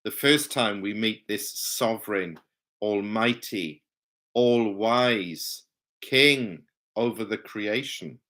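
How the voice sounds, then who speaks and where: Slow, emphatic male preacher. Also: fairly bright tone. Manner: slow, emphatic teaching with wide pitch swings. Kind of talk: Bible study sermon.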